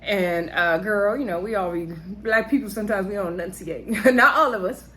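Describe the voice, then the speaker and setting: A woman's voice: medium pitch, moderate pace, pushed and bright, a little hiss or hum. A woman giving a casual, chatty recap of a reality show episode, speaking straight to her viewers and laughing often.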